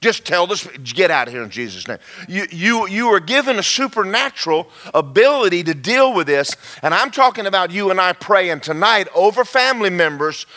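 A man preaching a sermon in a folksy, animated way, swinging between loud emphatic lines and low quiet asides and acting out little dialogues. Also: moderate pace, hardly any pauses.

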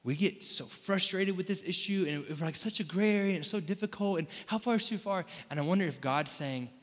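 A man's voice: high voice, brisk. A man from Florida preaching a sermon in a casual, conversational way, with asides and rhetorical questions to the room. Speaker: pastor. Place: church hall. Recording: long hall reverb.

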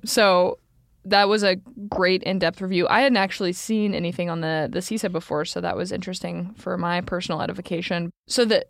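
A woman's voice: fairly low pitch, no room sound. Playful woman podcast co-host, dry sound. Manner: playful, punning, quick to laugh. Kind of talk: casual podcast chat.

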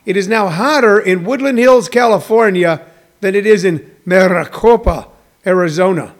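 Host, male, high-pitched, loose rambling chat with viewers, lots of um and uh. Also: moderate pace. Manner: rambling, chatty, frequent restarts and fillers. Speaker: livestream show host. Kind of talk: casual chat to live viewers. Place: home in a hot desert region.

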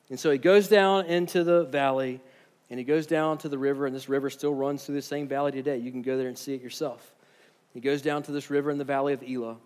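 A man preaching a sermon, retelling scripture with lively storytelling, moving between soft asides and loud emphasis. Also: mid-range voice, in a large hall. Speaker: pastor.

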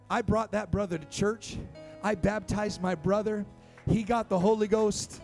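Young male pastor, fairly high voice, lively storytelling sermon, soft music underneath. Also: a little slow, creaky. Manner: animated storytelling preacher, rising to emphatic calls. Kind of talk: sermon to youth and church. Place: church sanctuary.

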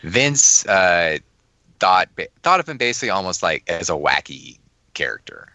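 Deep-voiced, rambling podcast guy. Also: very animated, normal speed, pushed and bright, no echo. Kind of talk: casual podcast chat.

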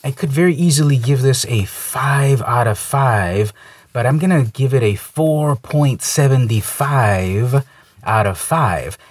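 Male comic reviewer, husky mid voice, dry close sound, easygoing delivery. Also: mid-range voice, takes it slowly, no room sound. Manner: relaxed, conversational, lightly opinionated. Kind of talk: casual review commentary.

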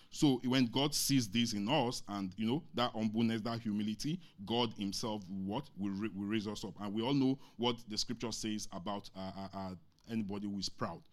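A man preaching a sermon, reading scripture slowly, asking the congregation questions and pausing on many fillers. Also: fairly low pitch, darkish tone. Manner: asks the congregation questions and lets them answer; halting, many fillers and restarts.

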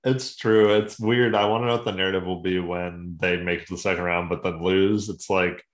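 A man's voice: low voice, fairly even intonation, a little fast, reverberant. A man co-hosting a sports podcast, talking casually and profanely and acting out quoted voices in a joking way. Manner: profane, jokey, acts out quotes. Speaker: podcast co-host.

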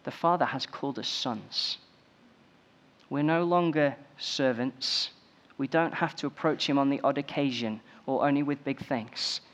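A man's voice: medium pitch, unhurried, fairly bright tone. A man preaching a sermon, building emphasis through repeated phrases.

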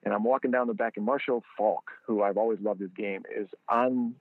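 Gravelly man telling an animated story. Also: a little fast, no room sound. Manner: animated storyteller, acts out quotes in a higher voice. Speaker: guest, football training product founder. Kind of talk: casual storytelling interview. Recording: tinny phone-line audio.

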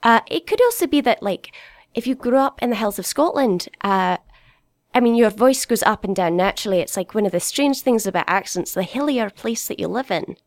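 A woman talks in a gravelly, earnest voice, stopping and restarting as she explains herself. She plays it straight as a guest in a comedy interview. The sound is dry and close, with no room around her. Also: fairly high pitch, expressive, dry recording. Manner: earnest, halting, many filler sounds and restarts. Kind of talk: deadpan improv comedy interview.

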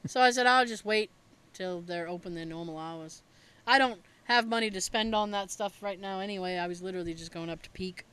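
A woman casually telling stories in a chat, animated and laughing often, with a bit of swearing. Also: medium pitch, moderate pace, clean tone, low-quality recording.

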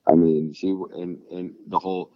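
Deep-voiced man in rambling casual chat. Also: flat delivery, moderate pace, dry recording, lo-fi sound. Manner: rambling, swears freely, acts out quotes.

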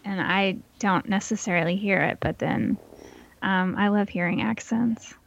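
A woman's voice: medium pitch, unhurried, gravelly, highs cut off, a little hiss or hum. A woman co-hosting a podcast in casual chat, with playful sarcastic asides. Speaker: podcast co-host.

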